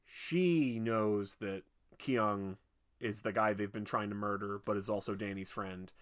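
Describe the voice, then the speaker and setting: A man's voice: lowish voice, unhurried. Rambling man recapping a movie. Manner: rambling, lots of "like" and restarts, acts out quotes. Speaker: podcast co-host recapping a film. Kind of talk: casual chat.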